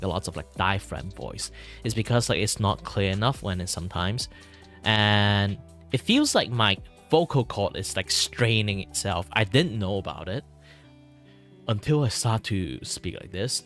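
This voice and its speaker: A young man from Malaysia talking casually, with a low voice that sits deep in his chest. He rambles and circles back on himself as he goes. Soft music plays faintly underneath. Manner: rambling, with many fillers and restarts. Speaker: streamer. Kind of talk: casual chat.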